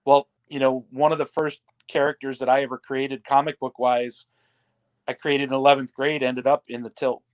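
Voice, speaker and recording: A man's voice: mid-range voice, flat delivery, normal speed. Easygoing man who laughs often. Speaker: guest artist. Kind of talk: casual chat.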